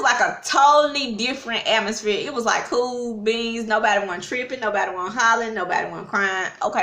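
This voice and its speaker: Chatty woman with a bright voice. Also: mid-range voice, gravelly. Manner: chatty, addresses viewers, frequent fillers. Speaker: vlogger. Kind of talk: casual storytelling. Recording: roomy echo.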